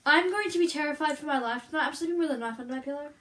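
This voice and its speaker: Teasing high-voiced woman co-host. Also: fairly bright tone. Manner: teasing interjections and quick jokes. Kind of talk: casual story time. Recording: echoey room from a distant mic.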